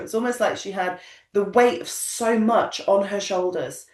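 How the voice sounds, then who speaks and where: A woman's voice: medium pitch, moderate pace, darkish tone. A woman coaching a group of business owners, speaking emphatically and repeating her points in a motivational way. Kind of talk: coaching session talk. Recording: echoey room, distant mic.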